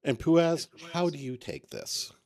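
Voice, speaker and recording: A man's voice: fairly high pitch, sing-song, a little slow, a little mellow. A man running a tabletop role-playing game as game master, calling for rolls and describing scenes playfully.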